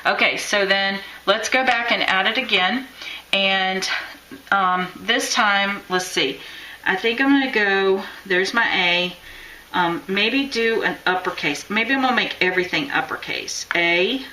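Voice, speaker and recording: A woman's voice: mid-range voice, a little slow, sharp tone, low-quality recording. A woman teaching chalk lettering on a live stream, chatting and encouraging as she works. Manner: chatty, encouraging, talks while working. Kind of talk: live-stream drawing tutorial.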